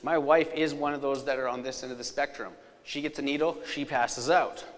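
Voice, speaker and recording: A man giving a live storytelling safety presentation, energetic, with loud punchlines and quiet, serious asides. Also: mid-range voice, a little fast. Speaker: safety speaker. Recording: long hall reverb.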